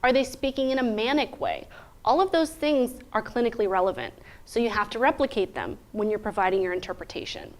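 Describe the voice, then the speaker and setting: A woman teaching interpreters in a clear, methodical way, often posing rhetorical questions. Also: fairly high pitch, expressive, a little fast. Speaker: interpreter trainer. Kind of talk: instructional talk.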